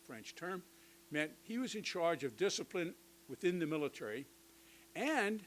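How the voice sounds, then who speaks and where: An older man giving a conversational history lecture to teachers, with lively asides and touches of humor. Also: a little high, moderate pace, a little hiss or hum, rough recording. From United States.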